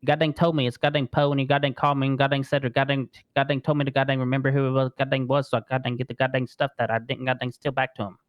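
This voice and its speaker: A man's voice: medium pitch, flat delivery, rapid-fire, few pauses, dry recording, muffled recording, close to an everyday voice. A man voicing a rattled male crime witness in a role-play game, who stuffs the same curse word into nearly every phrase while giving a statement.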